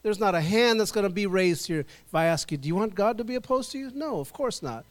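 A middle-aged male pastor preaching a sermon in church, drawing the congregation into call and response and slowing down to stress key words. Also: sits high, lively intonation.

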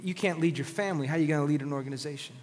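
High-voiced male pastor preaching in a hall. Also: racing, noisy background. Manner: animated, conversational, emphatic. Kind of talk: sermon.

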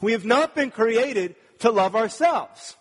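A man's voice: extremely high pitch, expressive, slow pace. A man preaching a sermon, earnest and talking to the congregation with rhetorical questions. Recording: long reverb of a large hall.

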